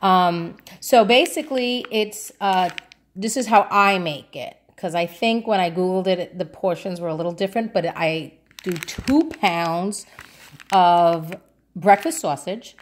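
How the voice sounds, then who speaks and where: A woman's voice: lowish voice, unhurried, a little hiss or hum. A woman from New York City, a vlogger chatting casually through a grocery haul, rambling along with lots of ums and uhs.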